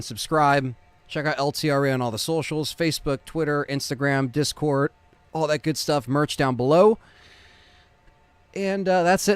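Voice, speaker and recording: A man wraps up his gaming stream in a loose, rambling way, full of "um"s and thank-yous to viewers. He has the hiccups. His voice is smooth and clear, recorded dry and close with no room sound. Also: medium pitch, no echo. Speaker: gaming livestream host. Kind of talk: casual stream sign-off chat.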